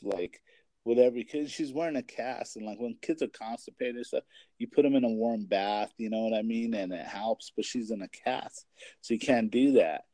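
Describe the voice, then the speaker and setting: A man's voice: mid-range voice, normal speed, mellow, no room sound. A young man in casual chat, rambling with lots of filler words and swearing as he talks about his family. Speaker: parent and kids' basketball coach.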